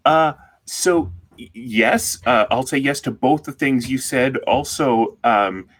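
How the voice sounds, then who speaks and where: A man runs a tabletop game in a mid-pitched, ordinary voice. He sounds relaxed and amused, with hesitant pauses. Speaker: game master.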